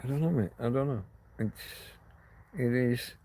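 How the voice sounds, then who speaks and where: A man's voice: medium pitch, normal speed, dark tone. A man hosting a casual livestream, rambling through stories and answering viewer comments. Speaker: livestream host.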